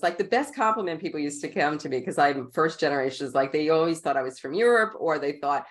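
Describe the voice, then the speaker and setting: A middle-aged woman with a Queens New York accent, her voice low, tells stories with lively energy and frequent laughter. She speaks as a guest in a relaxed interview. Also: fast, hardly any pauses. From New York, USA. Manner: animated storyteller, laughs often. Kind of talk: casual interview storytelling.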